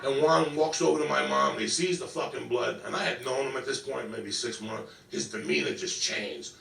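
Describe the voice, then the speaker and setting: A man telling a profane comedic story, brash and animated, swearing constantly, in an echoey clip heard from a distance. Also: medium pitch, a little fast, vocal fry, faint music behind. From New York. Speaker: stand-up comedian. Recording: echoey clip picked up from afar.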